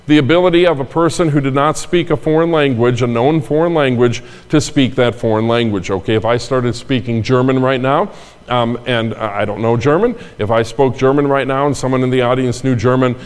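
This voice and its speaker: An older man, a pastor, delivering a sermon in a conversational way, with asides and repeated phrases. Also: mid-range voice. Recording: long hall reverb.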